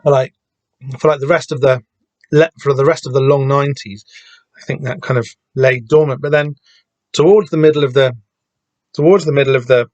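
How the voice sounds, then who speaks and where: Man, podcast host, mid-pitched voice, stop-start rambling, swears casually, dry close sound. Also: dry recording. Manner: hesitant, lots of restarts and casual swearing. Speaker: podcast host discussing a comic.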